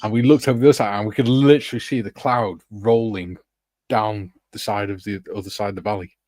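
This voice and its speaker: A man from Wales chats loosely on a livestream, reading out comments and laughing often. His voice sits a little low and sounds close and dry, with no room around it. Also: fairly even intonation, quick pace, darkish tone, dry recording. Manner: laughs often, tells anecdotes, reads viewer comments aloud. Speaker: co-host. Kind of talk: casual livestream chat.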